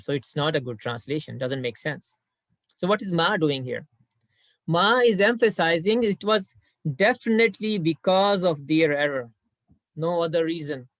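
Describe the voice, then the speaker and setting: A man's voice: fairly high pitch, a bit bright, dry recording. Man teaching grammar, dry close sound. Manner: patient, repeats points, recites Arabic verses quickly. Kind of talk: explaining Arabic grammar lesson.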